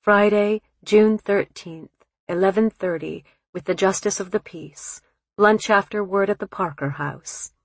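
A woman voicing an eager young college woman who talks in a bright, hurried way, with a husky voice. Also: medium pitch, no room sound, pitched above the performer's own voice. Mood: cheerful.

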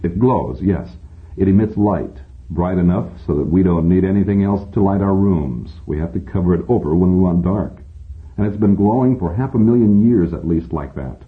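Casting: a man voicing a no-nonsense professor lecturing, very deep, tinny phone-like sound. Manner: explanatory, brisk lecturing. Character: lecturing male professor, matter-of-fact. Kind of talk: audiobook reading.

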